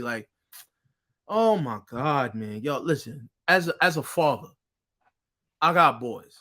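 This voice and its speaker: A middle-aged man on a casual podcast, his voice pitched high and swinging widely as he argues emphatically. His tone is bright and lively, and he slips into playful quoted voices. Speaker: co-host, Spirit G.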